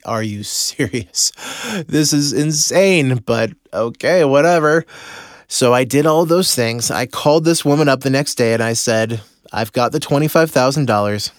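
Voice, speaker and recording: A man's voice: mid-range voice, no room sound, clean studio sound. A man hosting a podcast, telling a personal story to his listeners and acting out his own inner voice. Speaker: podcast host and business mentor.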